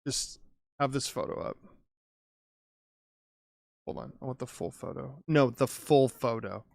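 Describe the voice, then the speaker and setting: A man's voice: medium pitch, measured pace, gravelly, darkish tone, dry recording, studio quality. A man co-hosting a casual podcast chat, joking and stumbling as he reads aloud. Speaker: podcast co-host.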